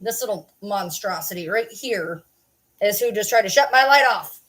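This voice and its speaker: A woman's voice: medium pitch, expressive, moderate pace, a bit bright. A woman chatting casually on a livestream from her desk at home. She rambles, swears freely and pokes fun at herself while she talks to her viewers and her dog. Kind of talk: casual live-stream chat.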